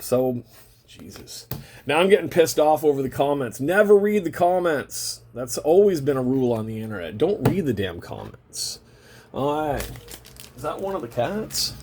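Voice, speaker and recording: His voice is mid-range, husky, and a little mellow as this man hosts a card-opening video and chats casually while opening trading cards. Rambling, now and then swearing, he draws out the ends of his phrases.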